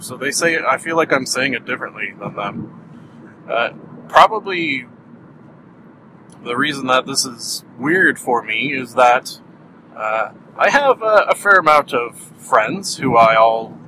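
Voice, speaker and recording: A man's voice: medium pitch, very animated, a little slow, background noise. A Canadian man hosting a podcast, rambling through a solo review chat and laughing at his own jokes. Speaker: podcast host.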